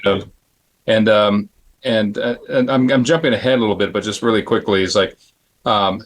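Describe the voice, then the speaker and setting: Low-voiced man telling animated anecdotes. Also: normal speed. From Phoenix, Arizona. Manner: animated, acts out the people in his anecdotes; frequent throat clearing and restarts. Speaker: panel guest, makeup effects artist. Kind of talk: storytelling on a panel.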